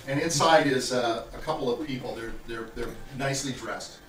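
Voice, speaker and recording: A man running a tabletop game as dungeon master, narrating scenes and acting out characters with an animated, laughing delivery. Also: mid-range voice, moderate pace, far from the mic, a little hiss or hum. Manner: animated, laughing storyteller who jumps into character voices. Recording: roomy mic with lively group chatter.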